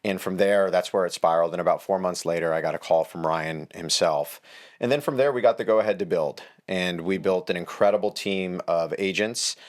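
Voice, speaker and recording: Confident low-voiced real estate agent. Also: male voice, a little fast. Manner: confident, upbeat pitch. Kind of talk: podcast interview.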